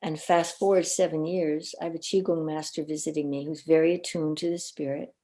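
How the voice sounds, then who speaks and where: In a low-pitched, brisk voice, a woman who is a coach and minister tells personal stories as a podcast guest. She comes across as earnest and animated, repeating words often as she goes.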